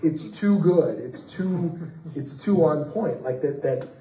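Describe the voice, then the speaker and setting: A man, a comics writer on a festival panel, telling anecdotes in a lively way, acting out the people he quotes and laughing as he goes. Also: on the high side, takes it slowly, far from the mic. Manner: animated, acts out quoted voices, laughs mid-story. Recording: roomy echo, voice off-mic.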